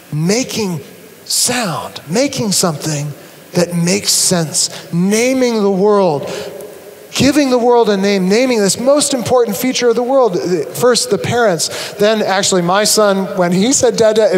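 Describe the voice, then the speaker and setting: A man with a notably high voice gives an animated, humorous talk from a stage, acting out his examples. His voice rings through a large auditorium with a long, lingering reverb. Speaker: conference speaker. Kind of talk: live conference talk to an audience.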